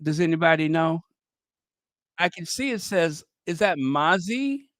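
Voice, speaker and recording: Man, channel host, casual live reaction talk, unhurried, higher-pitched, thinks aloud to viewers. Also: lively intonation, fairly bright tone. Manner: chatty, talks straight to viewers, thinks aloud.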